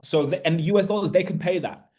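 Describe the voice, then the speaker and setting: A man speaks on a casual investment webinar, fervent and animated, breaking off into asides. His voice sits a little high for a man. He drives his points home with repetition and the odd curse word. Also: fast. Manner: animated, passionate, sometimes swears. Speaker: webinar host.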